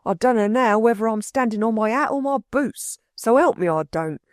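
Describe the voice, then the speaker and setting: A woman's voice: fairly high pitch, expressive, normal speed, no echo, clean studio sound, lightly acted. A woman voicing a bewildered burglar. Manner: slangy, rambling working-class talk. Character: rough-spoken male London burglar, bewildered, meek.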